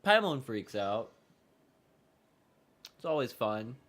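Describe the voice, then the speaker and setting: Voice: medium pitch, very animated, slow, a bit bright. A streamer chatting loosely over gameplay, rambling, swearing casually and trailing off mid-thought.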